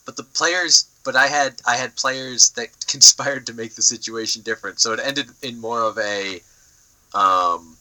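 A young man on a podcast, rambling through his stories with fillers and swearing as he goes. His voice is very bright and forward, with a middling pitch. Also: unhurried, poor audio. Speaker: podcast co-host. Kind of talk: casual chat.

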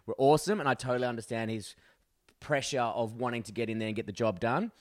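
A brash young man in a loose podcast chat, loud and rowdy, swearing freely and laughing through his own stories. His voice sits mid-pitch and sounds close and dry, with no room around it. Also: steady tone, fast talker, dry recording. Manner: crude, loud, jokey storytelling with lots of swearing. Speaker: podcast co-host. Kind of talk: casual chat.

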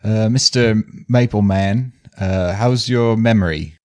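A man's voice: fairly low pitch, slow pace, a little mellow. A man voicing a fussy, hesitant male professor in a tweed jacket during a tabletop role-play game. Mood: probing.

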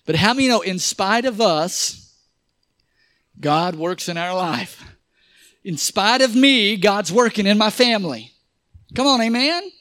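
High-pitched guy preaching, calling for amens, dry close sound. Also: a little slow, pauses often, no room sound. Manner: animated preaching with call-and-response to the congregation. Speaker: pastor. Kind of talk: sermon. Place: church.

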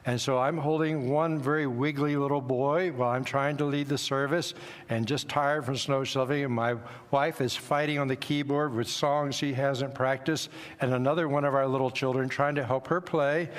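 A man's voice: medium pitch, steady tone, normal speed. A man in his sixties, a missionary, telling self-deprecating stories to a church congregation in an easygoing, anecdotal way. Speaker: missionary speaker. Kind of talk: church talk with personal stories. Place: church sanctuary. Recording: long hall reverb.

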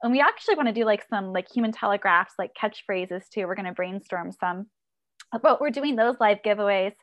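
A woman's voice: mid-range voice, fairly quick, fairly bright tone, no echo. A woman speaking in a casual podcast interview, bubbly and rambling. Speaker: web series creator.

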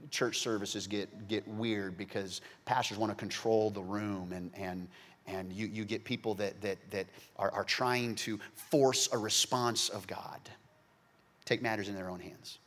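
A man preaching a sermon, telling a story with animated energy and frequent stammered repeats. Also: on the low side. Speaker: pastor. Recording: long hall reverb.

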